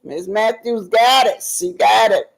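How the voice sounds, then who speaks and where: A woman's voice: medium pitch, unhurried, gravelly, breathy edge, rough recording. A woman hosting a casual live stream, reading viewer comments aloud and talking emphatically and directly to her audience. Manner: emphatic, addresses viewers directly, loose and talkative.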